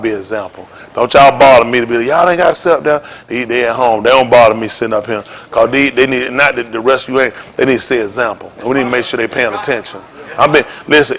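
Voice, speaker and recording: Folksy preacher man, joking and preaching. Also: medium pitch. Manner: folksy, joking, rising to shouts. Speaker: congregation leader. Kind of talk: informal sermon to a congregation.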